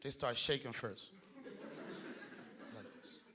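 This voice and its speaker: A man performing a stand-up comedy set on stage, animated, shouting his punchlines and slipping into voices. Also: medium pitch, takes it slowly. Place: comedy stage before a live audience. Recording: live club with loud crowd laughter.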